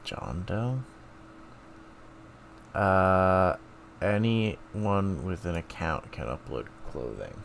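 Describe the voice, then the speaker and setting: Man, streamer, casual chat, self-mocking, slow, faint noise behind. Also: low voice, very animated, vocal fry. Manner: self-mocking, thinking aloud while taking online quizzes.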